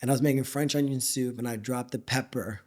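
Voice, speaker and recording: A man's voice: medium pitch, fast. A middle-aged man, a chef, telling stories in a casual interview, acting out quotes and swearing freely. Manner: animated storyteller who acts out quotes, swears freely. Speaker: chef and restaurant owner, guest.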